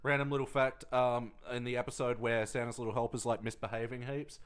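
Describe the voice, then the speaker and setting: A man chatting casually on a podcast, easygoing and quick to laugh. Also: mid-range voice, flat delivery, clean tone. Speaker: podcast co-host. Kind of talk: casual chat.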